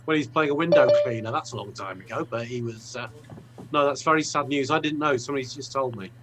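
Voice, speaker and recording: A man's voice: mid-range voice, fast talker, poor audio. A man hosting a video call chat, friendly, with hesitant restarts. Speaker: host.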